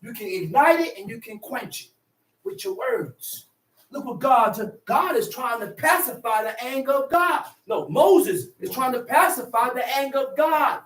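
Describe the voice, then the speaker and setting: High-pitched preacher shouting in an echoey room. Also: male voice, sing-song, moderate pace. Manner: shouts emphasis, repeats phrases, call-and-response. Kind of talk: fiery sermon teaching. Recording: echoey room, distant mic.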